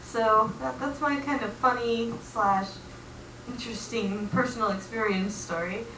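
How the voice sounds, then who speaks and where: A young woman telling a comic personal story in a chatty, animated way, acting out quoted voices. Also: on the high side, a little slow, echoey room, distant mic, noisy background.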